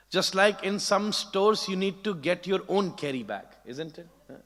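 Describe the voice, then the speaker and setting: A man's voice: high-pitched, animated, normal speed, hardly any pauses, fairly bright tone. A man telling a devotional story, prompting listeners with frequent "huh?", in a large hall. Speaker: spiritual preacher. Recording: long hall reverb.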